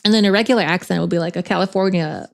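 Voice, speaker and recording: A woman's voice: on the low side, rapid-fire, creaky. A woman streamer in casual chat, rambling and chatty, laughing often with lots of filler words.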